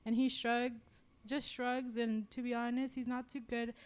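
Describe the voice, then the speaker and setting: A woman co-hosting a podcast, reading fan fiction aloud and chatting in an animated, giggly way. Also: fairly high pitch, unhurried. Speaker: podcast co-host.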